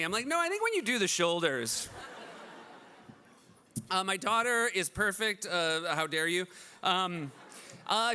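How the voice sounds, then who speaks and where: Bright, crisp man hosting with dry comedy. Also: high voice. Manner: dry, self-deprecating, animated storytelling. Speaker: event host. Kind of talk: stand-up style benefit hosting. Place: large event hall.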